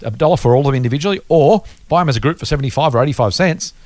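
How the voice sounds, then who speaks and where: A man co-hosting a casual investing podcast. He talks quickly and walks through his points patiently with examples. The recording is close and dry, with no room sound. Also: a little high, animated, darkish tone, dry recording. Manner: explains patiently with worked examples. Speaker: podcast co-host.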